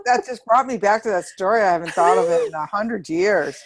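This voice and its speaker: A woman on a group video call telling an anecdote in a relaxed way with light laughter. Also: medium pitch, moderate pace. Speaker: book study participant. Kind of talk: casual anecdote.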